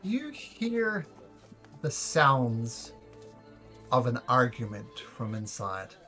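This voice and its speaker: A man's voice: mid-range voice, big pitch swings, extremely slow, sharp tone, faint music behind. A man narrating a tabletop game as game master, in a loose, jokey way.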